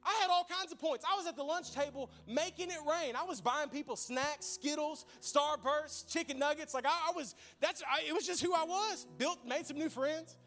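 High-voiced man preaching a lively sermon. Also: moderate pace, few pauses, faint music behind. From Arkansas. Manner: lively, humorous, laughs often, addresses congregation directly. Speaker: pastor. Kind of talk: sermon with storytelling. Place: church.

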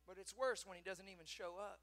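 A man preaching a sermon, swinging from hushed lines to shouted climaxes in dramatic preaching style. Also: sits high, steady tone, fairly quick, long reverb tail.

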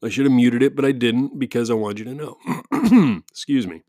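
A man's voice: medium pitch, moderate pace, warm tone, dry recording, studio quality. A man from the United States in a casual rambling monologue at home, talking into a microphone with restarts, chuckles and mock-quoted asides. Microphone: studio-style microphone.

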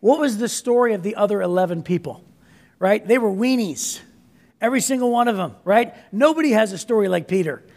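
High-voiced gravelly pastor in a hall. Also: male voice, brisk. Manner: energetic, conversational, with frequent "right?" asides. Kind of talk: sermon. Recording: echoey hall reverb.

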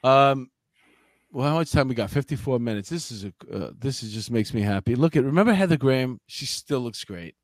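A man in his fifties co-hosting a casual talk show, telling rambling stories with lots of excitement. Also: mid-range voice, fairly quick, dry recording, studio quality. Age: 50s. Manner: animated storyteller, rambling and excitable. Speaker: podcast co-host. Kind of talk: casual banter. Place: Los Angeles.

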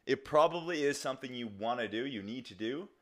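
A man's voice: medium pitch, lively intonation, brisk, a bit bright. A young man hosting a casual solo podcast, rambling loosely with lots of fillers and restarts and some casual swearing. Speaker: podcast host.

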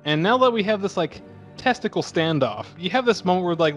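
A man co-hosting a casual movie podcast, retelling scenes in an animated, profane way. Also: high-pitched, a little fast, soft background music. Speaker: podcast co-host.

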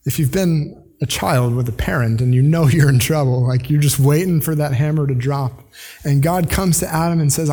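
A man's voice: fairly high pitch, moderate pace, mellow, husky. A man preaching a sermon in an earnest, conversational way, with restarts and side notes. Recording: long hall reverb.

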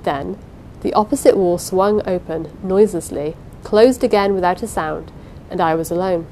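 Woman, audiobook narrator, dramatic suspenseful reading, first-person story, low voice, faint background rumble. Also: moderate pace, dark tone, poor audio.

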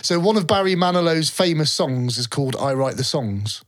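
A man's voice: on the high side, expressive, normal speed, dry recording, studio quality. A man co-hosting a podcast, chatting casually and rambling through stories with frequent laughs. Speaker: podcast co-host. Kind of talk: casual chat.

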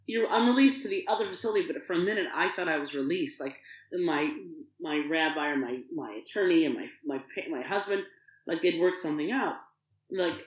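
A middle-aged woman appearing as a podcast guest animatedly tells an emotional personal story, voicing other people and frequently restarting sentences. Her voice is lowish and her pace normal, captured in a reverberant, rough recording.

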